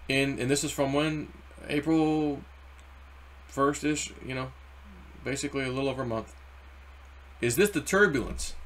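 A man with a middle-of-the-road pitch talks crypto charts in a loose, rambling way. He jumps between numbers and acted-out asides, animated and unscripted. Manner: rambling, animated, acts out quotes. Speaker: crypto YouTuber. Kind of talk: casual chart commentary. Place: car or home desk.

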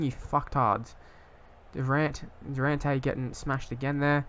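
A man's voice: mid-range voice, fairly even intonation, measured pace, a bit bright. A young man casually commentating on his own football management game, rambling and hesitant, breaking into sweary frustration. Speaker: gaming YouTuber.

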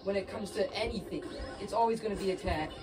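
A man's voice: high voice, quick pace, recorded from a distance. A young man hosting a gaming video, chatting casually and rambling with lots of restarts while he plays. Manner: rambling, restarts often, laughs at himself. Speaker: gaming channel host. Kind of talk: casual chat while playing a fighting game. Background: video game music.

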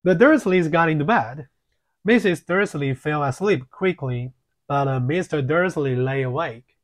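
Slow, measured male audiobook reader. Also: on the high side. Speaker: audiobook narrator. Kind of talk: audiobook reading.

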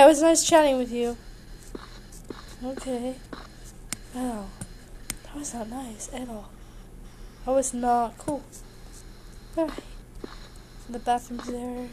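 High-pitched chatty young woman gamer. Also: takes it slowly, pauses often, darkish tone, slight background noise, rough recording. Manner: chatty, sing-songy, playful and sarcastic. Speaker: gaming YouTuber. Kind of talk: horror game let's play commentary.

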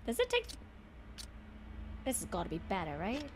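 A woman's voice: medium pitch, huge pitch swings, moderate pace, background noise. A woman streaming a horror game, chatting to viewers, swearing and screaming at scares. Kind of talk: gaming stream commentary.

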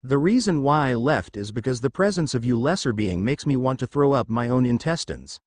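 A man's voice: medium pitch, animated, brisk, darkish tone, dry recording, close to an everyday voice. A haughty teenage boy who calls everyone lesser beings, read out by a man. The voice rises and falls a lot, and the sound is close and dry. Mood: contemptuous. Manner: scornful, condescending. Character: arrogant teenage boy who thinks he is a god.

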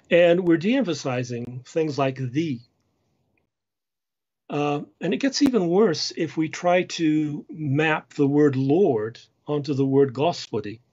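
A man lectures on church music in a measured, explanatory way, now and then singing short chant phrases. His voice sits fairly high. The sound is dull and lo-fi, like a streamed talk. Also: a little mellow. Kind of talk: lecture with sung examples.

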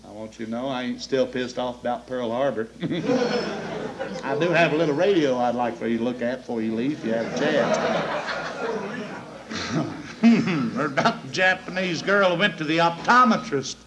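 A man's voice: medium pitch, normal speed, long pauses, very noisy. A man doing a crude stand-up routine, laughing at his own jokes before a live audience. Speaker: stand-up comedian.

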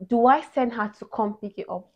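A young woman from Nigeria, telling a story in a casual vlog. She talks in an animated, emotional way, restarting her sentences often. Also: fairly high pitch, normal speed. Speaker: vlogger. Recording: dull lo-fi audio.

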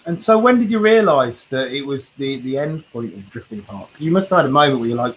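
Quick-talking male interviewer. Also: mid-range voice, expressive, slight background noise, low-quality recording. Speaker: interviewer, host. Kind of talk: conversational interview questions.

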